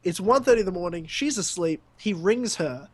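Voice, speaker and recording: A young Australian man telling a lively story on a casual podcast, laughing often. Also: high voice, brisk, no echo. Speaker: podcast co-host.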